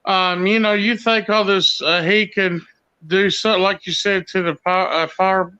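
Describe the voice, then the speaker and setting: A man with a high, bright, clear voice chats casually on a live stream. He talks haltingly, full of fillers and restarts. The sound is dull and lo-fi. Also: fairly even intonation. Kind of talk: casual chat.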